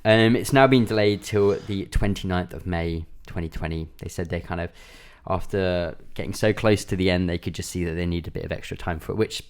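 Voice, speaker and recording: A man's voice: low voice, a little fast, few pauses, clean tone. A man co-hosting a podcast, chatting casually and rambling with lots of fillers. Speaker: podcast co-host. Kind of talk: casual chat.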